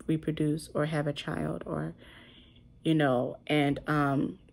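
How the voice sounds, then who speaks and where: Young woman vlogger, low and gravelly voice, rambling emotional storytelling. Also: darkish tone. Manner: emotional, rambling, heavy use of "like". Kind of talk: casual storytelling to camera.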